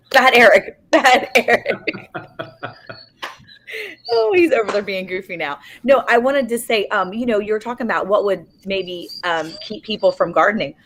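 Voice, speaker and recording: Animated woman joining a livestream by video call. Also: mid-range voice, fairly quick, hardly any pauses, a little hiss or hum. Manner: animated, storytelling, exclamatory. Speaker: livestream guest. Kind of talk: casual chat.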